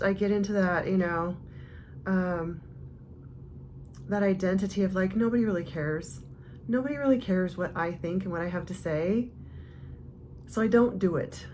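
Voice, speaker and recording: Slow, heartfelt woman vlogger. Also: medium pitch, darkish tone, a little hiss or hum. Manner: slow, heartfelt, rambling, speaks straight to viewers. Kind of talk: casual reflective talk to camera.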